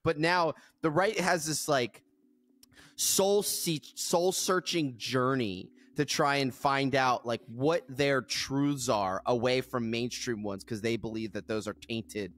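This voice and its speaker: A man co-hosting a podcast in casual chat, musing aloud in a halting way with frequent restarts. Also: mid-range voice, a bit bright, no room sound. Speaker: podcast co-host.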